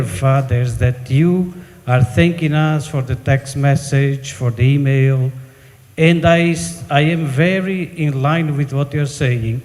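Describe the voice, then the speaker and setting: Slow, earnest priest. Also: male voice, fairly high pitch, a little mellow. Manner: earnest, deliberate. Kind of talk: audience comment at a conference. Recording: reverberant conference hall.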